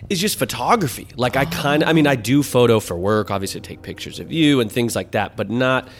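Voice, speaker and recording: A man's voice: medium pitch, animated, brisk. A man co-hosting a podcast, chatting casually in a rambling, upbeat way with many fillers. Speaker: podcast co-host. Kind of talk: casual chat.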